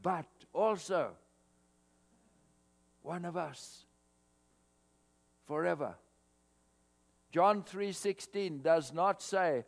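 A man preaching a sermon to his congregation, swelling louder on scripture quotes. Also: a little high, very slow, gravelly, pauses often. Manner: expressive preaching, rising loud on scripture quotes. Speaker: pastor. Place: church hall, cold morning. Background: mains hum.

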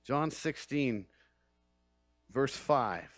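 A man's voice: mid-range voice, expressive, extremely slow, no echo, faint music behind. Earnest male pastor preaching, dry sound. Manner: earnest preaching, builds to emphatic passages. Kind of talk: sermon.

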